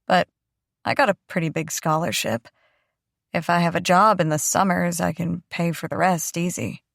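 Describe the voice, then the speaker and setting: A woman's voice: fairly low pitch, moderate pace, creaky, dry recording, clean studio sound. A female audiobook narrator voicing a teenage boy who talks in a plain, matter-of-fact way. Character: easygoing teenage boy, practical.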